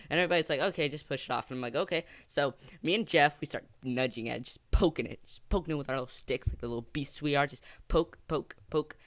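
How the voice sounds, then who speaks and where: A teenage young man hosting his gaming channel, telling a rambling, excitable story with lots of fillers. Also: medium pitch, dry recording. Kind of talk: story time narration over gameplay.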